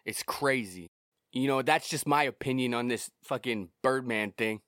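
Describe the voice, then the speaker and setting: A man's voice: medium pitch, moderate pace, fairly bright tone, no room sound, studio quality. A young man hosting his own podcast, ranting heatedly with lots of swearing and repeated words. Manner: heated, profane, repetitive. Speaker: podcast host and musician. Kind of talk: solo podcast rant.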